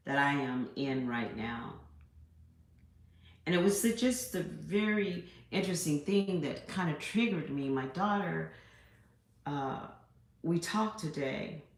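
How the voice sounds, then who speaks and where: A middle-aged woman talks through a spiritual reflection in a slow, drawn-out way, leaving long pauses between her thoughts. Her voice sits low and has a gravelly edge. The room around her rings with echo. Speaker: spiritual channel host.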